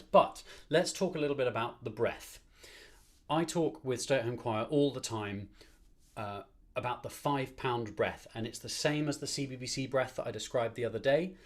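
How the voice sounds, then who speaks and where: A man leading an online choir warm-up as conductor, giving upbeat, encouraging instructions and counting the breaths. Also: medium pitch. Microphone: streamed to a screen.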